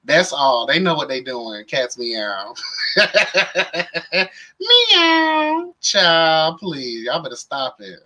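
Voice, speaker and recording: Sassy, bright-voiced male livestream host. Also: mid-range voice, animated, slow. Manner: sassy and playful, calls viewers "child" and "honey". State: tired. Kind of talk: casual livestream commentary.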